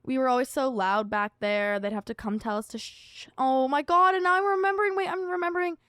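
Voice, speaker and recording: A young woman co-hosting a podcast, telling stories in a lively, animated way. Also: sits high, brisk, clean tone, no room sound, studio quality. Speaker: podcast co-host. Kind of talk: casual chat.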